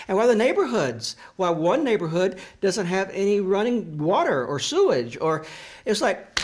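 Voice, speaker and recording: Reflective older man, slightly high voice. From American South. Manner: reflective, earnest, confessional. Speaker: author. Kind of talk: personal storytelling talk. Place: library event room.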